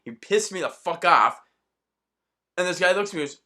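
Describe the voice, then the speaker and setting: A man's voice: sits high, expressive, normal speed, sharp tone. Heated, foul-mouthed man ranting hard. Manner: angry, profane, heated. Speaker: vlogger. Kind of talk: ranting monologue.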